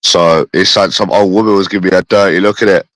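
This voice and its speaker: A man's voice: low voice, fairly even intonation, fast talker, fairly bright tone, no echo, rough recording. A man with a phlegmy cough, ranting in a repetitive, rambling, profane casual monologue. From London.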